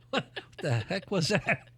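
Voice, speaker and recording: A man's voice: sits high, sharp tone, slightly rough. A man hosting a playful talk show, cracking jokes and theatrical asides. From Philadelphia. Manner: joking, theatrical, quick asides. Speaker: host. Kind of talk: playful morning show banter.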